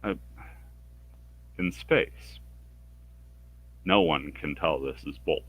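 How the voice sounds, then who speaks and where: Here the let's play streamer talks at an ordinary pace, reading game lines in a higher voice for characters and wrapping them in wry, sarcastic remarks. The high frequencies are cut off.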